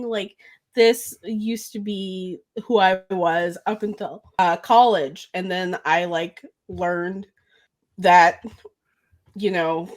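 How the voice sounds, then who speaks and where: A woman's voice: medium pitch, a little slow. A woman co-hosting a podcast in casual chat, rambling and giggling and tripping over words. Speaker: podcast co-host.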